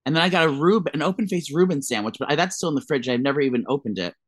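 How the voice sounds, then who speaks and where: A man talking at a quick clip on a podcast, spinning dramatic, gossipy stories about his life. His delivery is animated and theatrical. The sound is close and dry, with no room echo. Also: a little high. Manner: fast, gossipy, dramatic storytelling. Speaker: podcast co-host. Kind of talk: casual chat.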